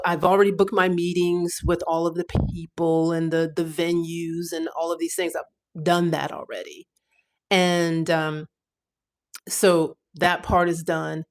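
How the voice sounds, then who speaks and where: A woman chatting casually on a livestream, animated, with quick asides. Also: fairly low pitch. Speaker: livestream host. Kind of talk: casual live chat.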